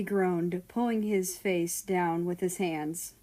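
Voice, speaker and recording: A woman reading a fan fiction story aloud in a steady, storytelling way. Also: lowish voice, slow pace. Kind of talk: scripted narration of a fan story.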